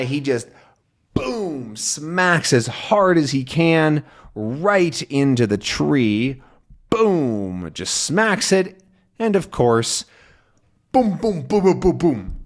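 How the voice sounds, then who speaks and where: A man teaching English by explaining a comic in slow, simple words, adding sound effects as he goes. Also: fairly high pitch.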